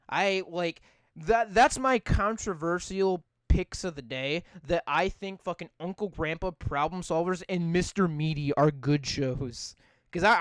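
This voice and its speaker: A man's voice: fairly high pitch, clean tone, no room sound. A young man co-hosting a podcast, chatting casually and rambling, with lots of swearing and "like" fillers. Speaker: podcast co-host. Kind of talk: casual profane chat.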